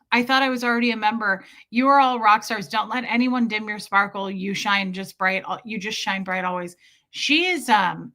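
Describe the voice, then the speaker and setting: A woman's voice: on the high side, sharp tone. Gushing woman chatting on a livestream. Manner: chatty and gushing, reads out viewer names. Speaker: livestream host. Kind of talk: casual livestream chat. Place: Kansas City area.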